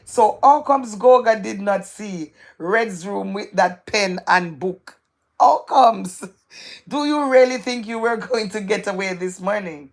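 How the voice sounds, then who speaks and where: A woman's voice: medium pitch, measured pace, few pauses. A woman hosting a live stream, reading viewers' comments aloud in a playful, gossipy way and repeating phrases for emphasis.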